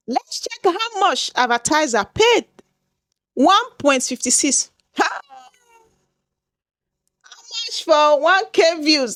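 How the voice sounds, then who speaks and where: Nigerian woman YouTuber, high-pitched, dry close sound, dramatic and exclamatory, repeats lines. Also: a bit bright, no room sound. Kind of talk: casual vlog talk to viewers.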